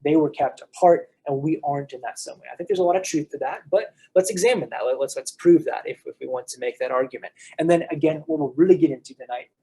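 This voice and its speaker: A young American man leads a church class in an easy, chatty way, often restarting his sentences. His voice sits a little high for a man. The tone is mellow and slightly husky. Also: fast, few pauses, poor audio. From United States. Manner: conversational, frequent restarts and fillers. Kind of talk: casual lecture on a play.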